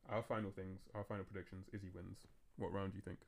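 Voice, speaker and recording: A man hosting a casual podcast chat, talking in a fast, rambling way that keeps restarting itself. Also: deep voice, little pitch movement, creaky, a little mellow. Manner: fast, rambling, self-interrupting talk. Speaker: podcast host.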